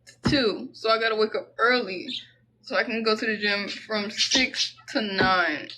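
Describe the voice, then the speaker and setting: A woman's voice: mid-range voice, unhurried, pushed and bright, slight background noise, poor audio. A young woman doing a casual tarot reading, chatty and slangy, rambling into side stories. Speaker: tarot reader.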